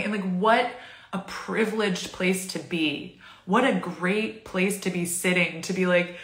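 A bubbly woman in her thirties talks through a casual tarot reading to camera, chatty and quick to laugh. Her voice is bright and forward, and it rings a little in an echoey room. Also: on the low side. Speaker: tarot reader.

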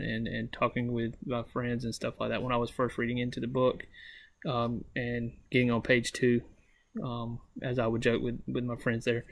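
A man with a Southern US accent giving a casual, halting language lesson, slowly repeating phrases with frequent restarts. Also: medium pitch, gravelly. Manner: halting, many restarts and ums, slow careful phrase repetition. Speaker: language learner vlogger.

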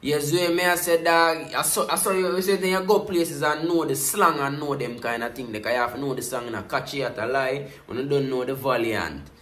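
A Jamaican man, mid-range in voice and a little fast with hardly any pauses, reacts to a music video in an echoey room. He speaks patois, stays animated, and keeps falling back on his catchphrase refrains in his casual commentary.

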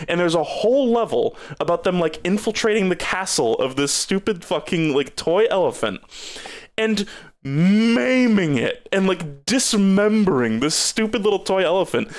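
Animated high-voiced man ranting about a game. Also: measured pace. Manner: profane, exasperated, sarcastic. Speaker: streamer reviewing games. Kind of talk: casual game review rant on a stream.

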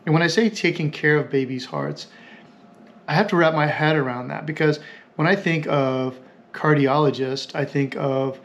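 A man hosting a podcast, telling a story in a reflective, halting way and repeating phrases as he thinks aloud. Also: a little high, creaky, dull audio, slight background noise. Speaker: podcast host.

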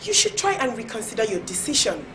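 An actress with a Nigerian accent playing a pushy friend who insists on marriage and turns defensive when questioned. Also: female voice, a little high, very animated, quick pace, pushed and bright, a little hiss or hum. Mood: insistent. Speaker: Linda. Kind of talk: Nollywood film acting. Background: film score music.

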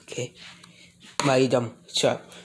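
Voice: medium pitch, level tone, a little slow, a bit bright, slight background noise. A speaker improvising a plush toy role-play in a rambling, mumbly way, full of slang and filler sounds.

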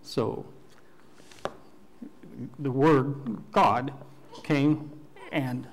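Slow-speaking older male pastor preaching. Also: medium pitch, a little hiss or hum. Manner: slow, deliberate teaching with pauses and restarts. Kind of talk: sermon. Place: church sanctuary.

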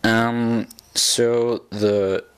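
A man's voice: mid-range voice, flat delivery, drawn-out words, smooth. A man giving a casual review of a toy model he built, hesitant and chatty, with many fillers and restarts, and often poking fun at himself. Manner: self-mocking, chatty.

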